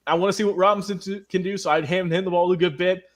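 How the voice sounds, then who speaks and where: A man co-hosting a sports talk radio show, running through a team's roster in a steady, conversational way and turning to his co-host. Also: high-pitched, quick pace.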